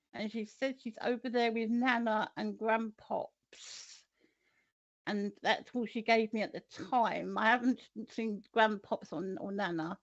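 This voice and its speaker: A woman's voice: a little high, fairly bright tone, dry recording. A woman co-hosting a live psychic stream, chatting and greeting viewers one by one. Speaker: psychic medium co-host. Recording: dull lo-fi stream audio.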